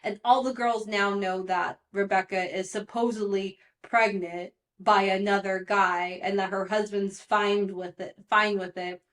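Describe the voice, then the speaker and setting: This is a young woman hosting a casual gossip podcast, with a voice at an ordinary middle pitch. She talks in a chatty way, leans on "like," and gets openly exasperated over what the cast did. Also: steady tone, measured pace, few pauses. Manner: chatty and exasperated, heavy use of "like". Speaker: podcast host. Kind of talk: casual pop culture gossip recap.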